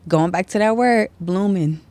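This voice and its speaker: A woman's voice: mid-range voice, normal speed, darkish tone. A woman hosting a casual interview chat, encouraging and affirming, answering her guest with many murmurs of support. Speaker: interview host.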